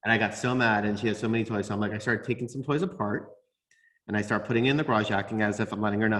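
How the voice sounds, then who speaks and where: A man co-hosting a casual podcast as a father, telling stories excitably, repeating words and bursting into laughter. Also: fairly low pitch, very fast. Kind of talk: casual chat.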